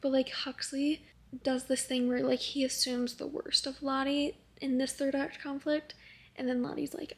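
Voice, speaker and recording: Chatty young woman with vocal fry. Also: high-pitched, flat delivery, normal speed. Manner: chatty, filler-heavy, drops to a near-whisper at times. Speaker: book vlogger. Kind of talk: casual book review vlog.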